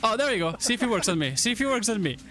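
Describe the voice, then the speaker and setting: Excitable high-voiced male streamer. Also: very fast, music in the background. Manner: excitable, laughing and swearing often. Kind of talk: casual live-stream chat while playing a social VR game.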